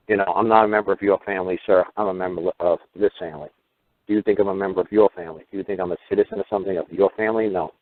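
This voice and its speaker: A low-voiced man hosting a call-in radio show, rambling on and breaking into acted-out exchanges with sharp leaps in pitch. The sound is thin and phone-like, and the voice is dry and close. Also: steady tone, very fast, no echo. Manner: rambling, acts out dialogues with sudden pitch jumps. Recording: tinny phone-like radio audio.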